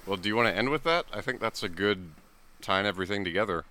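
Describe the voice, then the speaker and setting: A man's voice: lowish voice, pushed and bright. A man co-hosting a podcast, chiming in with short remarks in casual chat. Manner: brief, quick interjections. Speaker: podcast co-host.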